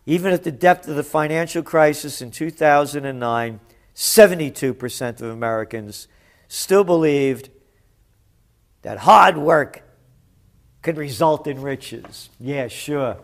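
Guy ranting sarcastically over the headlines, high voice, slow and deliberate, mocks then yells. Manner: mocking, indignant, swings between mutters and shouts. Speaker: news commentator. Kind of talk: sarcastic news commentary.

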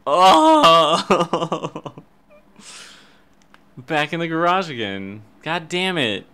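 Male streamer, horror game commentary, bright voice, swings wildly in pitch, unhurried, jumpy, curses a lot. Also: sing-song, clear, resonant tone. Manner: jumpy, swears and yelps when startled.

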